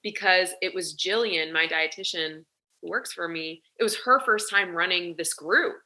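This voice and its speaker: A woman's voice: fairly low pitch, moderate pace, pushed and bright. A woman guest and business coach in casual interview chat, talking freely with many "like" and "you know" fillers. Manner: chatty, restarts and fills with "like" and "you know".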